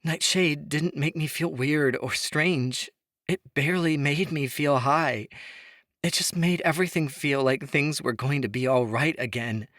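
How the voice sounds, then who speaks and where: A man voicing an angry, grieving young woman in shrill, tearful outbursts. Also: measured pace, fairly bright tone, no echo, clean studio sound.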